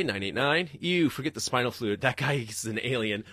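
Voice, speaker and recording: A man hosting a podcast, ranting in a profane, rambling way and jumping suddenly into loud, high-pitched outbursts. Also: lively intonation, normal speed, few pauses, no room sound, studio quality. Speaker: podcast host. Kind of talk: livestreamed comedic rant.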